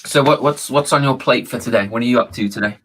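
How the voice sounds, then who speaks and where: A man's voice: mid-range voice, quick pace, a bit bright, low-quality recording. A British man hosting a casual video chat, joking and laughing often. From Britain. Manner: chatty, jokey, laughs often. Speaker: host.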